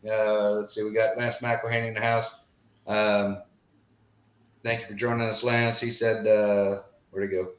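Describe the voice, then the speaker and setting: Low, flat-voiced middle-aged man co-hosting. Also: a little slow, echoey room. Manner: drawling, uses filler phrases. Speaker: podcast co-host. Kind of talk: casual live-stream chat.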